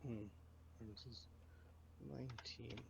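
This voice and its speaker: A man's voice: medium pitch, steady tone, slow pace, vocal fry, darkish tone, a little hiss or hum. A man playing in a tabletop game, chatting casually and playfully with laughs. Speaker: player.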